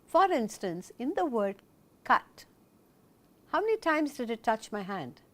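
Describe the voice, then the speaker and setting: A woman teacher leads a recorded lesson in a raised, bright-toned voice that rises and falls a great deal. She explains step by step, asks her viewers questions, and then answers them herself. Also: on the high side, sing-song, normal speed.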